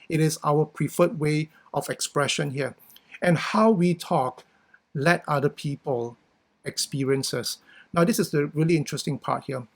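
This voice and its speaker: A middle-aged man with a Singaporean English accent, giving a conversational workshop talk with frequent "you know" and "right?". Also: on the high side. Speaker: workshop speaker. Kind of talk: talk on communication.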